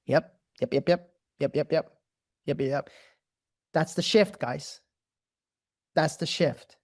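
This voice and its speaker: Host, male, live spiritual talk; excitable, swears freely, rapid repeated yeses. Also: on the high side. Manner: animated, profane, repeats words in bursts.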